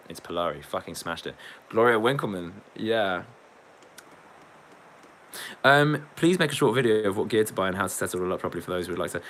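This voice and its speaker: With a deep voice, lively intonation, a slightly fast pace, and long pauses, this English man sounds a bit bright on a rough recording with some hiss or hum. He's a musician livestreaming in a casual, rambling way, joking, swearing, and reading the chat out loud.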